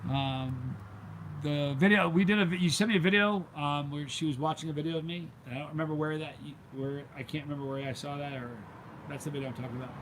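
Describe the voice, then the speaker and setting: A man's voice: a little high, steady tone, fast talker, fairly bright tone, slight background noise, poor audio. A middle-aged man hosting a casual vlog chat and telling a rambling story, with plenty of ums along the way. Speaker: vlog host. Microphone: handheld gimbal camera.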